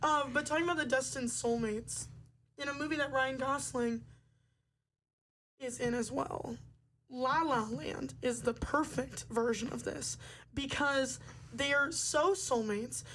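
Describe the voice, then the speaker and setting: A bubbly young woman hosts a casual podcast chat, her voice sitting high for a woman. She rambles along with plenty of fillers. Faint noise hums under the recording. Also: fairly even intonation, measured pace, fairly bright tone, low-quality recording. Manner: chatty, bubbly, lots of fillers. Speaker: podcast host.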